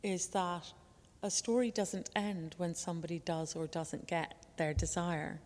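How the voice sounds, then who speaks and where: A woman telling a personal story in a reflective way, slowing down on key words. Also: lowish voice, steady tone, a little mellow. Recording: long hall reverb.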